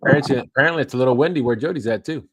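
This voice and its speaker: The recording is very noisy as a medium-pitched man races through viewer comments. He's co-hosting a fishing livestream, reading chat aloud in an easygoing way with laughter between the comments.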